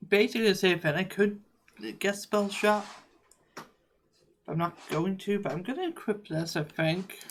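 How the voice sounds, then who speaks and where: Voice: mid-range voice, animated, moderate pace, long pauses, slight background noise. A streamer giving casual live commentary while playing, muttering thoughts on gear aloud.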